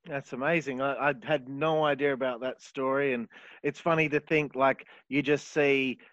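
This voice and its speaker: A man's voice: mid-range voice, normal speed, no echo, lo-fi sound. A man hosting an interview, reacting briefly and casually. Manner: brief reactions, relaxed follow-up remarks.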